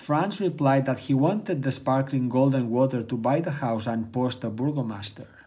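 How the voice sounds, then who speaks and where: Calm man reading a bedtime story. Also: medium pitch, normal speed.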